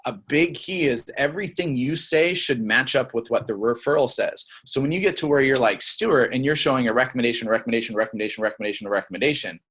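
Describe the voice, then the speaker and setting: A young man giving a casual sales training talk, acting out quick lines of customers and reps as examples. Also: medium pitch, a bit bright, husky. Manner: conversational, acts out customer and rep lines.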